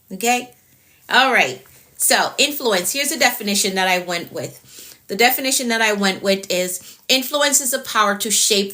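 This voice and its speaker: A woman with a Jamaican accent, a productivity coach talking fast on a live stream and checking in with "okay?" after nearly every point. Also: mid-range voice, pushed and bright.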